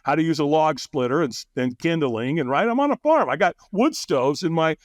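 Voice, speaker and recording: A man telling stories as a guest on a podcast, animated and quick to laugh, often acting out what others said. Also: fairly high pitch, no room sound, clean studio sound. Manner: animated, acts out quoted voices, laughs often. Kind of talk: casual interview storytelling.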